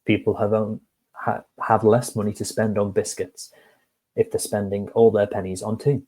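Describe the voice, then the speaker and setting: A man voicing a pompous male pigeon messenger with a deep voice, explaining things in an insistent, lecturing way in a storybook tale. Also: level tone, normal speed, mellow, husky.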